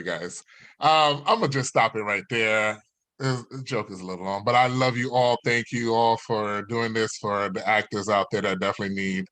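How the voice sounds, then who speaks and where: Man, stand-up comic, bright open tone, loose rambling delivery, laughs at his own lines, video call. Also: fairly low pitch, dry recording. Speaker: stand-up comedian. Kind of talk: stand-up storytelling.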